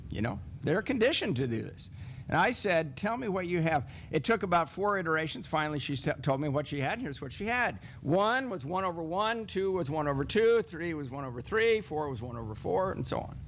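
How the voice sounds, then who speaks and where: Animated man telling a classroom story. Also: brisk, a little hiss or hum. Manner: animated, acts out classroom dialogue with raised pitch. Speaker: math professor on a teaching panel. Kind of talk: storytelling panel talk.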